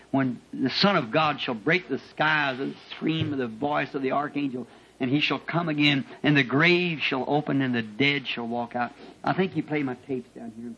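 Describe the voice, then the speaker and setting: A man preaching a sermon as a personal testimony, turning emotional and shooting into high-pitched bursts as he tells his story, recorded at a church meeting. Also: husky. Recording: dull lo-fi archival tape.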